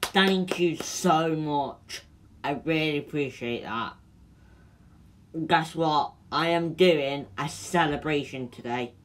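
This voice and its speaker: A man's voice: fairly high pitch, takes it slowly, a bit bright. A man gushing repeated thanks to his followers in a vlog, emotional and near tears. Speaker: social media creator.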